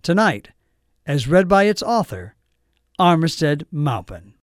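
A man's voice: a little high, sing-song, unhurried, no echo, studio quality. A male presenter giving a scripted introduction in an announcing manner.

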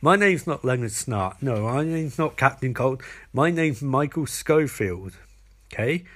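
A man's voice: medium pitch, expressive, measured pace. A man voicing a cocky, sly male career criminal in a jokey retelling, with a drawling, casual manner. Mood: smug.

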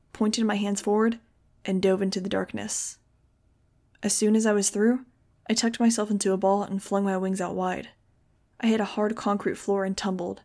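A woman reading a novel aloud in the first person, with steady, expressive storytelling. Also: medium pitch. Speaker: audiobook reader.

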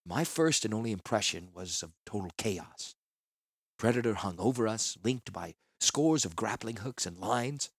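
A man narrating a first-person fantasy novel in a measured, earnest way. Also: lowish voice, slightly rough, no room sound, clean studio sound. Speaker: audiobook narrator.

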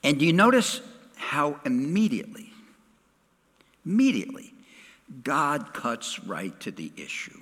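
A middle-aged male pastor preaching a sermon, swinging dramatically from loud to hushed. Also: on the high side, wildly swooping pitch, a little slow, long pauses, big-room sound.

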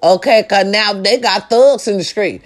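A woman delivering a comedic rant to her viewers, loud and profane, hollering with big swings in her voice. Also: medium pitch, normal speed.

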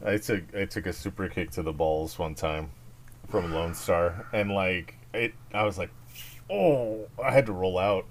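With a deep voice at a moderate pace, this young podcast co-host is an animated storyteller who laughs a lot during casual chat. A slight hiss or hum runs under the audio.

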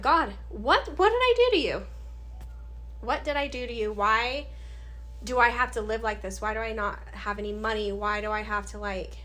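A woman in her thirties, a podcast guest, telling her life story in a casual interview and acting out what people said to her. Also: mid-range voice. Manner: animated, acts out past dialogue.

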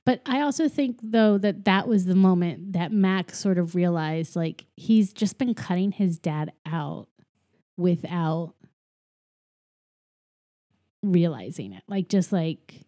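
A woman's voice: fairly low pitch, a little slow. A woman in casual chat, animatedly retelling a film scene by scene, acting out the characters' lines and saying "like" a lot. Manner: animated retelling, acts out quoted lines, frequent "like". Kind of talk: casual movie recap chat.

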